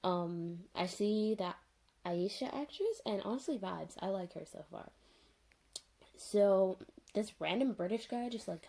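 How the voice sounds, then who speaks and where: A woman's voice: mid-range voice, mellow. A young woman vlogger reviewing a show in a rambling, sarcastic, unscripted rant full of fillers.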